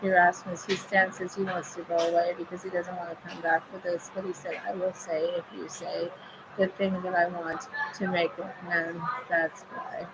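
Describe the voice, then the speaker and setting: A woman speaks as a medium in a low, level voice that barely rises or falls. Her phrases circle back on themselves in a chant-like rhythm, and a steady hiss of background noise sits under her words. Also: normal speed. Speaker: spirit medium relaying messages.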